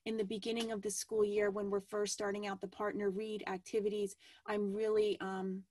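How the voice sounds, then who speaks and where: A woman teacher presenting an educational webinar in a measured way, with frequent ums and restarts. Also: medium pitch, little pitch movement, a little mellow, no room sound.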